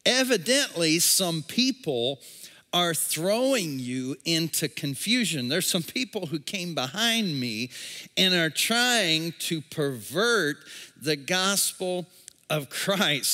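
A man's voice: high-pitched, pushed and bright. A man, the church's pastor, preaching a sermon and reading scripture aloud with casual asides to the congregation. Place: large room, a movie theater used as a church. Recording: long hall reverb.

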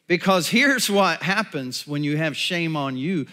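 Slow, animated male preacher. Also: on the high side. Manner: storytelling, animated, drops to hushed tones. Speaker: pastor. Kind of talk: sermon.

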